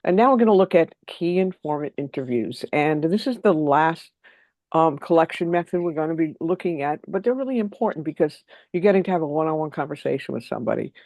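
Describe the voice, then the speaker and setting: A trainer giving an online workshop, talking quickly and keeping the audience involved by asking them for answers. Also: medium pitch, no room sound. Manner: lively, quick and engaging, invites answers from the audience.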